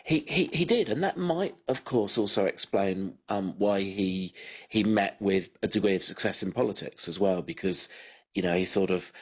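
Low, husky-voiced man as radio guest. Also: moderate pace. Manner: hesitant, many fillers and restarts. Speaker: radio guest, media publisher. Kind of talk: casual radio chat.

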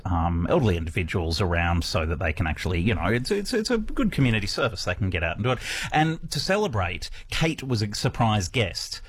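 A man's voice: on the low side, slightly rough. A man, casually chatting as a radio host, with dry humor and lots of fillers. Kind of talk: casual chat.

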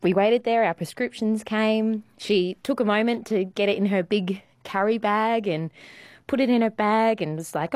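A woman telling a casual story on radio, rambling warmly with lots of ums and you-knows. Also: medium pitch, moderate pace, dry recording. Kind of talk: casual anecdote.

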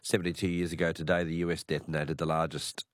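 A man's voice: deep voice, little pitch movement, fast, no echo, studio quality. A man hosting a radio interview, chatty, prompting his guest with tag questions. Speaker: radio host.

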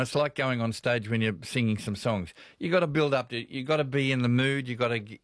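An Australian man hosts a talkback radio show in a casual, rambling way, often chuckling mid-story. His voice sits at an ordinary pitch. The studio sound is close and dry, with no room around it. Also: fairly bright tone, no echo. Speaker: radio host.

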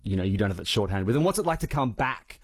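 A man with a fairly low voice asks long, fluent questions as an interviewer. The recording is dry and close, with no room sound. He speaks smoothly, building each question in one even flow. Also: fast, dry recording.

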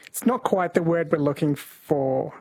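A husky, slightly higher-pitched man hosts an overnight radio quiz. He talks in a gentle, chatty way and laughs easily. The studio sound is dry and close. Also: a little slow, no room sound. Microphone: studio microphone.

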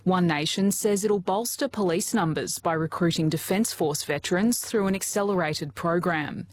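Woman reporter, lower voice, formal delivery, faint background noise. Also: normal speed. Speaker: news reporter. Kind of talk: scripted news report.

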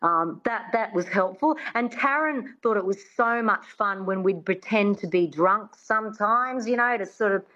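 A woman's voice: mid-range voice, normal speed, few pauses, a bit bright, lo-fi sound. A woman working as a dialect coach, answering interview questions in a chatty way, often restarting with "I mean".

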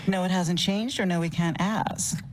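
A woman's voice: lowish voice, steady tone, moderate pace, noisy background, lightly acted. An actress playing an indignant grown woman who demands answers from a detective in a film clip. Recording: film clip over loud music.

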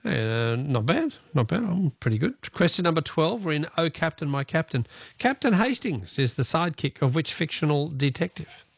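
A man's voice: a little high, very animated, moderate pace, gravelly, few pauses, breathy edge, dry recording, clean studio sound. A man with an Australian accent hosting a radio quiz in a breezy, teasing way. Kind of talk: casual radio chat.

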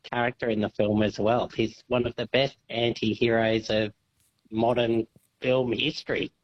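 Husky man on a dull line. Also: medium pitch, flat delivery, normal speed. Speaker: radio guest. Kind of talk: casual radio chat.

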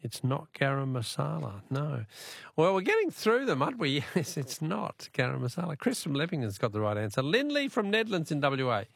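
Australian man, radio quiz host, jovial, lively up-and-down voice, gravelly edge. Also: on the high side, fairly quick, dry recording. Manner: jovial, laughs often, bantering with callers. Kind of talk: call-in quiz show.

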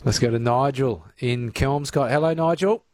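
A man's voice: mid-range voice, moderate pace, a little mellow, no room sound. Aussie radio host guy, chatty, takes calls, reads out messages, dry close studio mic. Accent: Australian. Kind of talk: talkback radio hosting.

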